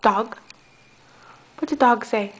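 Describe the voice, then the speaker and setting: A woman using slow, sing-song baby talk as she coaxes a toddler at home, recorded on a home video camera. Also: a little high. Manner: sing-song, coaxing, playful. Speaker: caregiver playing with a toddler.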